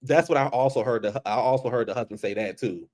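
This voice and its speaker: A man giving a casual, profane recap of a show on camera, animated and repetitive. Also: mid-range voice, fast talker. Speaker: show reviewer.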